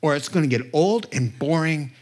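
A man preaching a sermon as pastor, telling stories expressively with his voice climbing high at emotional moments and making self-deprecating asides. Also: moderate pace, darkish tone.

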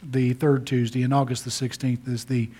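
A man's voice: medium pitch, level tone, normal speed, mellow, slightly rough. A middle-aged male pastor preaching a sermon, stressing key words emphatically.

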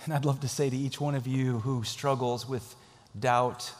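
Earnest preacher in an echoey hall. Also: male voice, medium pitch, fairly even intonation, moderate pace. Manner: earnest, emphatic repetition, chuckles while telling stories. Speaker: pastor. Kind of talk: sermon with storytelling and closing prayer.

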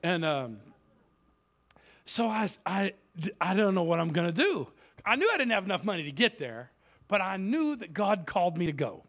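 A man's voice: high voice, big pitch swings, moderate pace, fairly bright tone. A man preaching as a guest speaker in a church, telling a story in a joking, self-mocking way. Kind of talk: humorous sermon storytelling.

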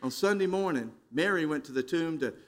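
A man preaching a dramatic sermon, swinging from loud emphasis to hushed, low phrases. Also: animated, a little fast.

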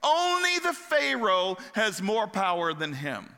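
A man preaching in a casual, animated storytelling style, joking and acting out the voices of the people in the story. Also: high voice, slow pace, creaky, clear, resonant tone. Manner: animated, jokey retelling with acted-out voices. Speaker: pastor. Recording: long reverb of a large hall.

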